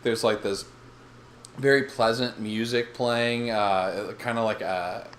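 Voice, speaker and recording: A man with a lowish voice co-hosts a podcast, talking loosely and laughing as he retells scenes. He acts out bits of dialogue as he goes. A faint hiss sits under the recording. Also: steady tone, slow pace, a bit bright. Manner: rambling, laughs often, acts out quotes. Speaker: podcast co-host. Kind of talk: casual recap chat.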